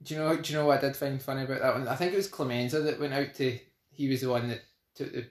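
A man chatting on a podcast, answering in short, dry, teasing remarks. His voice sits at an ordinary middle pitch. The recording has a roomy echo. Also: fairly even intonation, rapid-fire. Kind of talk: casual chat. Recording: echoey room.

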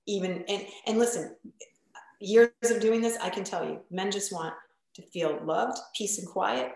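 A woman podcast guest and coach chatting casually, telling stories bluntly and acting out quoted lines with lively voices. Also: medium pitch, a little slow, gravelly, heavy reverb, rough recording. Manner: animated storyteller, acts out quotes, blunt, swears.

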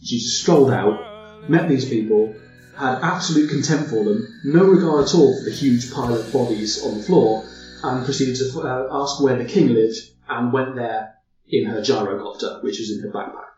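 A man running a tabletop game and swapping stories, laughing, swearing often and getting animated. He sits well back from the mic in a very echoey room. Music plays in the background. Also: mid-range voice, moderate pace, highs cut off. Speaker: game master. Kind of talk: casual podcast banter. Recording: roomy, distant mic with music behind.

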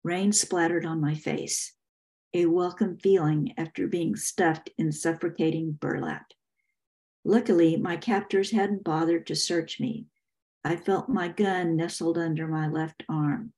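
An older woman from Texas reads her own novel aloud in first-person audiobook narration. Her voice is low and mellow, and she takes the lines slowly and deliberately. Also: fairly even intonation. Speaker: author reading her novel.

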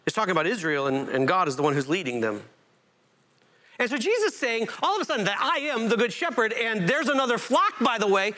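Male pastor, sermon delivery, lively, frequent restarts, higher-pitched voice. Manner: animated, rising to emphatic peaks, with self-interrupting restarts.

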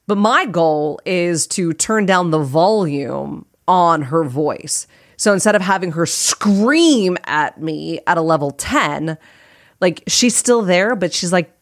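A woman's voice: low voice, no room sound, studio quality. Earnest chatty woman podcast host. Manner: earnest, chatty, repeats phrases for emphasis. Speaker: podcast host and life coach. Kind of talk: casual solo podcast talk.

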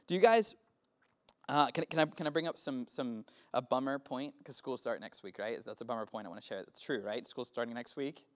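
A man's voice: mid-range voice, fairly quick. A man in his early thirties preaching casually to a youth group, often asking the room questions. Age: 30s. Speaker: youth pastor. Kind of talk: youth sermon.

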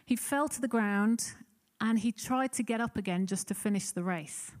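A woman's voice: medium pitch, darkish tone. Woman preaching, earnest and chatty, acts out little pleas, mid voice. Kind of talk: sermon.

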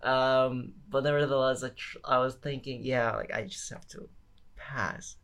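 A man co-hosting a podcast in casual conversation, relaxed and wry. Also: medium pitch, normal speed, clear, resonant tone. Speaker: podcast co-host.

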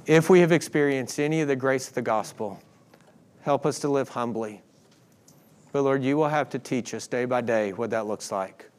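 A man's voice: mid-range voice, moderate pace, darkish tone. A man pastor reading scripture aloud with emphasis in a sermon, closing in prayer.

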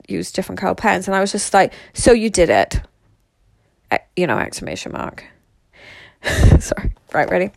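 A woman's voice: mid-range voice, creaky, darkish tone, no room sound. A young woman, talking casually and rambling in a solo monologue as a social media creator, swearing freely. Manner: rambling, swears freely, lots of "like" and "you know".

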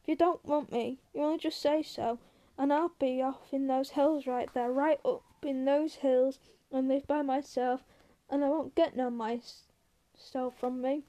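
A woman's voice: high voice, steady tone, unhurried, warm tone. A woman reading aloud, voicing a simple-minded, childlike big man who pleads and begs. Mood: pleading.

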